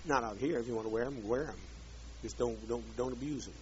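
A man's voice: medium pitch, a little fast, a little mellow, slight background noise. Brief: man ranting at a group, bitter and profane, drawling, muffled old tape. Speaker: leader addressing a group. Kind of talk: angry profane rant. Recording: dull lo-fi archive tape.

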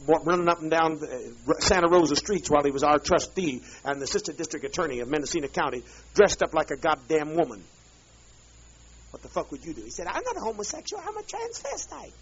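A man's voice: fairly high pitch, slight background noise. A man leading a group, ranting in a bitter, profane, drawling way. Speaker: leader addressing a group. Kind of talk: angry profane rant. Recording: dull lo-fi archive tape.

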